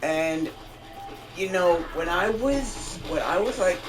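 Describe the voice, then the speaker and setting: A man's voice: high-pitched, expressive, slow pace, over music. A man telling a personal story in casual chat while gaming, rambling and restarting his sentences. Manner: rambling, restarts and self-corrections. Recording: noisy background.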